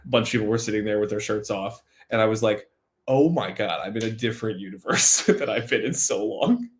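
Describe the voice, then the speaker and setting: A young man chats casually as a podcast guest and rambles comfortably from one thought to the next. His voice sits on the low side. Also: a little fast, a little hiss or hum. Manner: relaxed, rambling, chatty. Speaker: former host, guest. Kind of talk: casual chat.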